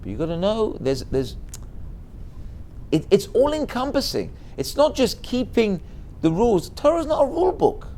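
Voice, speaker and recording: A middle-aged man giving a Torah lesson as a rabbi, telling a story in a lively way and mixing in Hebrew and Yiddish words. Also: sits high, moderate pace.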